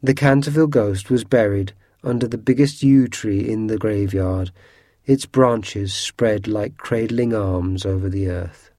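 A man narrating a storybook audiobook in a measured, unhurried way. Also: lowish voice, warm tone, no room sound, clean studio sound.

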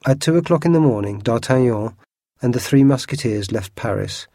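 A man reading a story aloud in an expressive way. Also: medium pitch, moderate pace, dry recording, clean studio sound. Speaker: narrator.

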